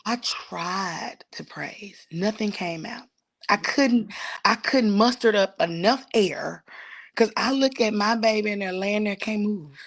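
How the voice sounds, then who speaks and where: A woman's voice: mid-range voice, takes it slowly. A woman telling a heartfelt personal story as a guest, at times dropping to a whisper and at times pleading, with speech. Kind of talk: emotional personal testimony.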